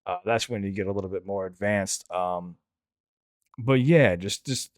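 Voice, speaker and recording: A man's voice: low voice, moderate pace, no room sound, clean studio sound. A man hosting a reaction channel who also raps. He gives casual, candid commentary that rambles, restarts often and swears freely. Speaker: reaction channel host and rapper.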